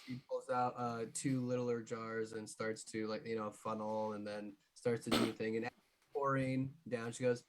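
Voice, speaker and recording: A man's voice: mid-range voice, level tone, normal speed, slight background noise. Man narrating a tabletop game. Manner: loose, rambling with fillers. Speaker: game master.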